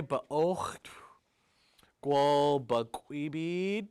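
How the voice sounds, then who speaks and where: A man telling a traditional story, speaking each phrase slowly and then translating it into English, with chant-like repetitions. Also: on the high side, lively intonation, smooth. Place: community storytelling event.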